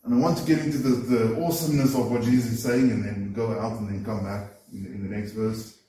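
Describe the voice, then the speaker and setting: A man's voice: fairly low pitch, steady tone, quick pace, dark tone. A man preaching a sermon, earnest and emphatic, often repeating words as he builds a point. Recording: roomy echo, voice from far off the mic.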